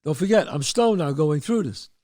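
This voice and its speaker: A man in his sixties with a New York accent tells a story from his past. His pitch is fairly high for a man and swings up and down as he acts out the people in it, shouting their lines. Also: moderate pace. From the Bronx, New York. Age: 60s. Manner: animated storyteller, shouts out quoted voices. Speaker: show host. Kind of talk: storytelling monologue.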